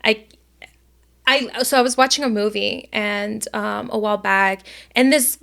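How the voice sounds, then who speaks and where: A woman's voice: mid-range voice, a little slow, creaky, a bit bright. A woman co-hosting a podcast in casual chat, rambling with lots of "like" and casual swearing. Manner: rambling, heavy filler "like", swears freely. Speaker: podcast co-host.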